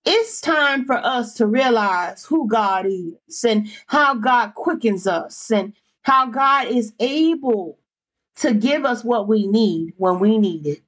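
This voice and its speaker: Fervent high-voiced woman preaching. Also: expressive, takes it slowly, rough recording. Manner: fervent, exclamatory, repeats phrases for emphasis. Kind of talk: sermon.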